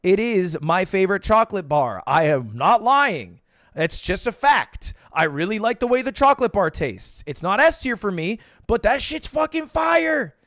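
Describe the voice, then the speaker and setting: A young American man streaming, chatting casually and jokily, breaking into loud outbursts now and then. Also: high-pitched, normal speed, no echo, clean studio sound. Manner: animated, jokey, swings into loud outbursts. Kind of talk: casual livestream chat.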